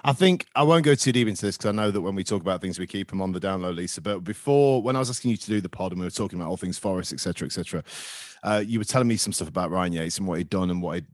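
A man hosts a football podcast in a rapid, chatty flow. His voice sits fairly low and the recording is close and dry, with no room sound. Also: no echo. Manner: animated storytelling, fast and chatty. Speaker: podcast host. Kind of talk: casual football podcast chat.

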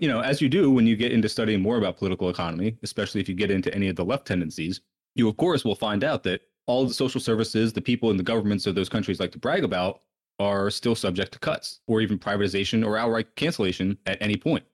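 Fast-talking deep-voiced man. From United States. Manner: brisk and chatty. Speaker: podcast host. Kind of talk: casual podcast talk.

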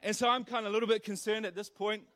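A young man preaching a sermon, telling a funny story with animated energy before turning earnest. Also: high voice, quick pace. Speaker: pastor.

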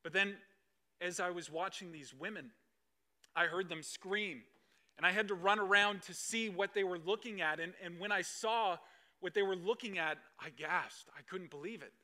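A man performing an emotional first-person dramatic monologue, swinging between hushed lines and loud outbursts. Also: sits high, moderate pace. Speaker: dramatic storyteller.

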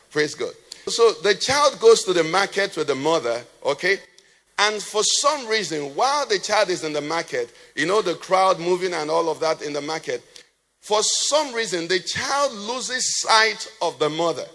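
A man's voice: a little high, a bit bright. A man preaching a sermon as pastor, asking the congregation questions and letting them finish his sentences. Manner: asks the congregation questions and has them fill in the answer. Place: church hall. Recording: long church reverb.

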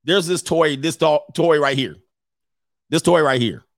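A man's voice: a little high, unhurried, creaky, no room sound, clean studio sound. A man hosting a stream, ranting comically in casual slang and laughing often. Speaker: streamer host. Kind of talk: casual comedic rant.

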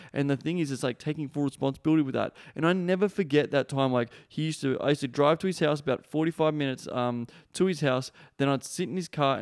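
Podcast host, young guy, clear tone, loose and profane storytelling. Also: mid-range voice. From Australia. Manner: blunt, swears freely, many fillers like "man" and "like". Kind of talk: casual storytelling monologue.

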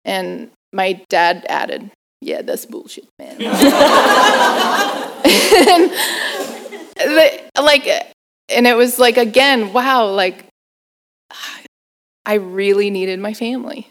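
A woman telling a personal story in an interview, animated, laughing often and using lots of fillers. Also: a little high, extremely slow, long pauses. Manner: acts out family members' voices. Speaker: guest performer.

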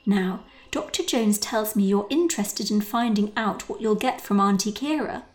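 A woman's voice: medium pitch, normal speed, soft background music, lightly acted. A woman voicing a sly, cold mother whose words sound sweet but hollow. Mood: falsely sweet. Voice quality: sticky, sly, falsely sweet.

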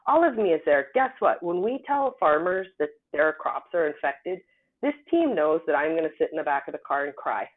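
A woman's voice: deep voice, fairly quick. Emphatic woman on a tinny phone-like line. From United States. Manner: animated, emphatic storytelling. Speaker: guest scientist. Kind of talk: casual interview talk.

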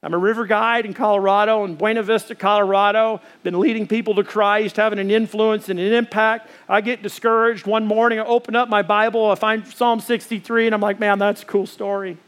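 A man preaching a sermon in a church as pastor, telling a story with lively acted-out dialogue. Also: high-pitched, brisk, few pauses, clear, resonant tone. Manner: animated storytelling, acting out dialogue.

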